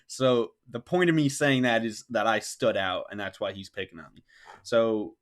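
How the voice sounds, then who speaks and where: A podcast host with a fairly low voice and moderate pace tells a personal story. He rambles casually, says "like" a lot, and acts out what people said.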